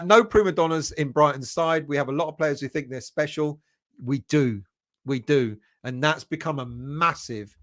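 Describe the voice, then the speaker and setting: A man's voice: a little high, fairly bright tone. A man hosting a football fan live stream, casually chatting, reading viewer comments aloud and greeting them by name with a chuckle. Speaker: football fan channel host.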